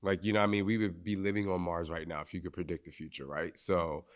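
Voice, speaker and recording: A man's voice: deep voice, level tone, fast. Blunt, swearing man. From New Jersey. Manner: blunt, emphatic, swears freely. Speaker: podcast host. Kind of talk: live podcast talk.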